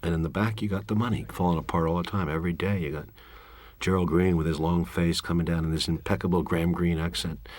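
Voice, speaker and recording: A man's voice: deep voice, fairly even intonation, fast talker, a little mellow, no room sound. A man giving a director's commentary, telling candid, wry, rambling stories about a film shoot. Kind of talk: director's commentary, reflective storytelling.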